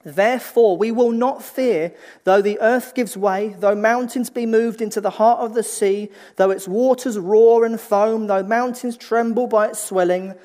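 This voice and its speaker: High-pitched guy giving a chatty sermon, restarts a lot, goes quiet and slow for emphasis. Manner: swings between lively emphasis and hushed, slow delivery; repeats and restarts phrases as he thinks aloud. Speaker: preacher. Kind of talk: conversational sermon.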